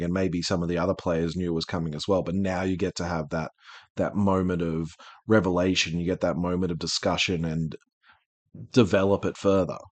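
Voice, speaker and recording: Deep-voiced man rambling through casual podcast chat. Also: dry recording. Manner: rambling, animated, self-interrupting. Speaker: podcast host.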